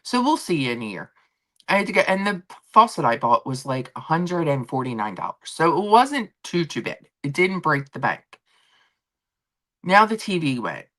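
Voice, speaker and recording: A woman with a low voice chats on a home stream, her pitch swinging widely as she tells stories. She rambles through everyday news and acts out what people said. The sound comes through a laptop and phone setup. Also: moderate pace. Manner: chatty, animated storytelling with acted-out quotes. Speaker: streamer host. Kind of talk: casual chat.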